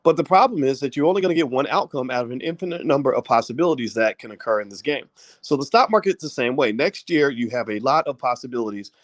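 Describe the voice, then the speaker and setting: A man giving a casual, animated talk on finance straight to his viewers at a desk mic, with folksy asides. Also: medium pitch, fast, dry recording. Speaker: finance commentator. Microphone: desk microphone.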